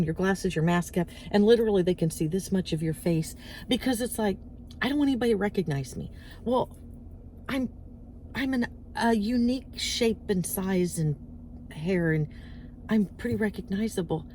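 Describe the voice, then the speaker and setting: A woman's voice: medium pitch, slight background noise. A middle-aged woman chatting animatedly into her phone outdoors, telling stories and acting out little voices. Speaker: vlogger. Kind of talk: casual chatty rant to camera. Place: outdoors, waiting in parked car area.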